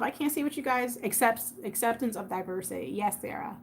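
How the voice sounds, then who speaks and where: A woman's voice: fairly high pitch, brisk, slight background noise. A woman hosting a casual live stream, chatting with viewers by name and repeating points for emphasis. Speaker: YouTube host on a livestream.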